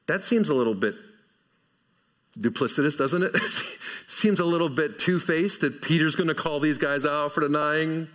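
A man preaching a conversational sermon verse by verse, asking rhetorical questions and shifting between emphatic and quiet delivery. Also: a little high, moderate pace. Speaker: pastor.

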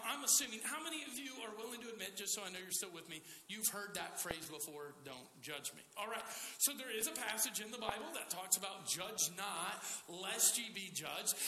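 Man, guest preacher, sermon, joking and conversational, bright voice, big echoey church hall. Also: sits high, a little hiss or hum. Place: church sanctuary. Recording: echoey hall with faint ambience.

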